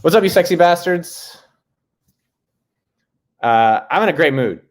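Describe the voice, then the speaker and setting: A man's voice: fairly high pitch, animated, a little slow. A man hosting a casual live stream from home, joking loosely and greeting viewers by name. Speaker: host. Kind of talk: casual livestream chat.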